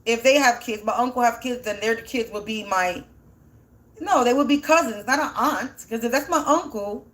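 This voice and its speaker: A woman's voice: a little high, moderate pace, a bit bright. A woman giving a casual spiritual reading, thinking aloud in a rambling way as she asks and answers her own questions, her voice sounding teary as if near crying. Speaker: spiritual energy reader.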